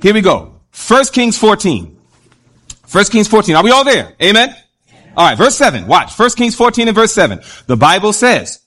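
A man preaching a sermon to a congregation, animated and often asking the audience questions as he reads and explains Bible verses. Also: high-pitched, moderate pace.

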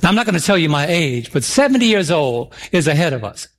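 A middle-aged man preaching a sermon, reading scripture slowly and emphatically and calling for responses from the congregation. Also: a little high, big pitch swings, slight background noise. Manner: calls for audience responses.

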